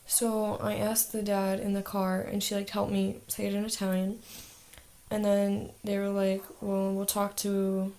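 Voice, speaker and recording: A woman's voice: mid-range voice, completely flat delivery, unhurried, a little mellow. A teenage girl talking in a casual video diary as an exchange student, chatty and full of "like" fillers.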